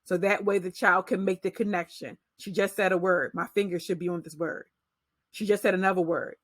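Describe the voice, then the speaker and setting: A woman teacher explaining early reading skills to parents in a slow, deliberate instructional way. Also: lowish voice, steady tone, husky, no room sound. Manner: slow, deliberate modeling of read-aloud pacing.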